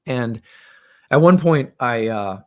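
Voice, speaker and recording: A man hosting an astrology talk, telling a personal story in a halting, reflective way. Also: mid-range voice, expressive, lo-fi sound. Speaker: astrologer host.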